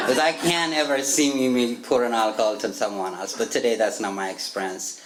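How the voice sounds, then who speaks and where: A man's voice: mid-range voice, fairly quick, a bit bright, a little hiss or hum. A man from Africa with an African accent, giving a personal testimony at a recovery meeting, telling his story with frequent laughs and acted-out quotes. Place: meeting room. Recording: echoey room with faint ambience.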